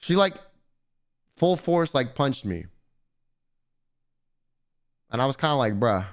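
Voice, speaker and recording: A man's voice: medium pitch, big pitch swings, takes it slowly. A man streaming live, casually telling a long convention story to his chat, rambling and swearing a lot.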